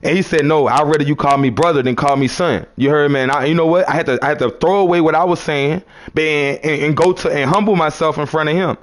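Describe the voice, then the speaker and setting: A man with a New Orleans accent preaching on a live stream in a casual, repetitive way. His voice sits a little high for a man. He keeps calling his listeners son and brother. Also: quick pace, few pauses.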